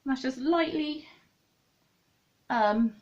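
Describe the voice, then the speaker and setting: A woman with a slightly high voice talks through her makeup as she works. She rambles and corrects herself mid-sentence in a loose, chatty way. The audio is a bit dull and lo-fi. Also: takes it slowly, darkish tone. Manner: thinks aloud, rambling and self-correcting. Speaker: beauty vlogger.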